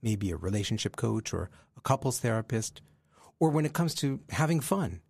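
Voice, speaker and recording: A man's voice: mid-range voice, sing-song, moderate pace, creaky, a little mellow, slightly rough, no echo, studio quality. A man hosting a podcast, telling a personal story in an earnest, reflective way. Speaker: podcast host. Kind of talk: storytelling monologue.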